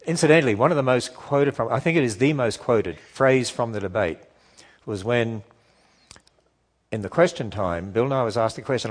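An Australian man in his sixties gives an evening lecture with a fairly low voice. He tells stories in a lively way and turns to the audience with asides. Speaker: guest speaker.

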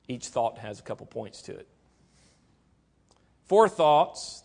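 Emphatic preacher, slow and measured. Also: male voice, fairly high pitch. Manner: emphatic, deliberate, stresses key words slowly. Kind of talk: sermon.

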